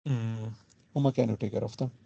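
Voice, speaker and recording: A man presenting a financial planning webinar, explaining in a halting way and often checking in with "okay?". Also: on the low side, fairly even intonation, gravelly, dark tone, husky, no echo. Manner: halting, adds "okay?" after points. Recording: dull lo-fi webinar audio.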